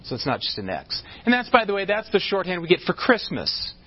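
A man preaching in a high, light voice, with a chatty, stop-start delivery full of restarts. He jokes with his congregation between points. The recording is muffled and lo-fi. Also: huge pitch swings, fairly quick, dry recording. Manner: conversational, with frequent restarts and asides; joking with the congregation. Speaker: pastor. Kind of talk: sermon.

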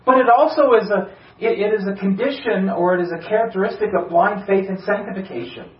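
A man's voice: high voice, fairly quick. A male pastor preaching an earnest sermon, building to urgent emphasis with rhetorical questions, recorded in a church. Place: church sanctuary. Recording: roomy, distant church sermon recording, slightly dull.

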